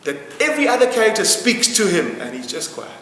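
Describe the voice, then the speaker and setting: A man's voice: high voice, sing-song, fast, a bit bright, slight background noise. Passionate man in echoey hall. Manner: passionate, emphatic, repeats phrases for effect. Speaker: interviewee. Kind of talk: impassioned interview answer. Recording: roomy hall with long reverb, faint music.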